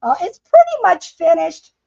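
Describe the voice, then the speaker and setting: Her voice is very high-pitched and warm yet creaky, very animated, delivered at normal speed. The woman is hosting a relaxed craft stream from home, laughing and chatting with viewers while painting. The audio is dull and lo-fi.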